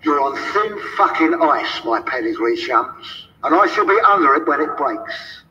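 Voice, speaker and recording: An actor playing a menacing man who coldly threatens his rivals, sneering and slow. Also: on the high side, animated, sharp tone, soft background music, heavily acted. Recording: dull, echoey film clip with faint noise.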